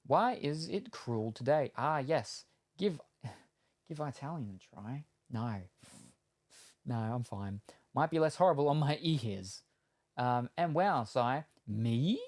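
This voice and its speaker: Australian streamer, rambling casual chat, dry close sound, mid pitch. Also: lively intonation, slow, darkish tone, dry recording. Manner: rambling and hesitant, many ums; chatty, answers chat, laughs at itself. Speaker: game streamer.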